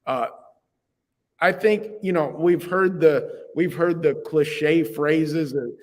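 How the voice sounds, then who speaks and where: A man's voice: fairly high pitch, slow. Earnest man with a reverberant voice. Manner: earnest and reflective, speaks from the heart. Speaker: podcast guest. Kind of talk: conversational podcast interview.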